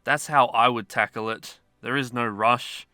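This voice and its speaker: A man's voice: medium pitch, steady tone, a little slow, sharp tone, smooth, no echo, clean studio sound. A man giving casual, rambling gameplay commentary with self-mocking asides. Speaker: mobile game YouTuber.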